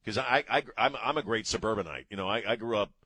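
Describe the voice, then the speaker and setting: Rambling low-voiced talk radio host. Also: male voice, fast, pushed and bright, husky, dry recording. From Maryland, USA. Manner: rambling and emphatic, many fillers.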